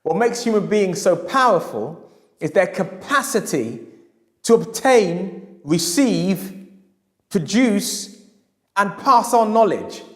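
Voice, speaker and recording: A man's voice: sits high, big pitch swings, takes it slowly, pauses often, fairly bright tone. A man, a historian telling a story in a lecture, emphatic and repeating his key phrases. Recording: echoey hall.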